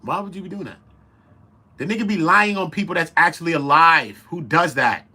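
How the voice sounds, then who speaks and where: A man hosting a casual commentary show, talking in an animated, profane and incredulous way. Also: on the high side, brisk, breathy edge. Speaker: commentary host.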